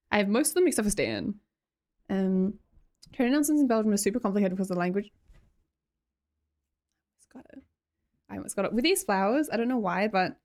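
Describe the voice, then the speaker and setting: A young Australian woman from Sydney streaming casual chat, chatty, laughing often and trailing off mid-sentence. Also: mid-range voice. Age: young adult. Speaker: live streamer.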